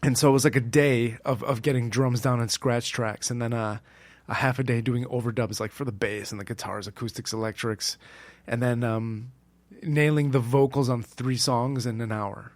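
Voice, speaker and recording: A man's voice: mid-range voice, steady tone, normal speed, dry recording. A man talking casually as a podcast guest, a music producer who rambles with lots of fillers and restarts. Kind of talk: casual chat.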